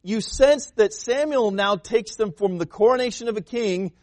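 High-voiced man preaching a sermon. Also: moderate pace, no room sound. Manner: conversational, animated retelling with quoted voices. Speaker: pastor.

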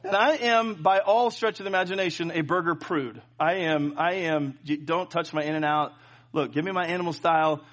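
A middle-aged male pastor preaching a sermon, telling a story with animated, jokey asides to the congregation. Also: a little high, moderate pace. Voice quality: plenty of filler and restarts, jokey.

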